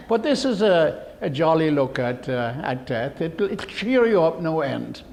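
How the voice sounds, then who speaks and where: A man's voice: a little high, slight background noise. An older man giving a humorous public talk, telling rambling, jokey stories. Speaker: guest speaker.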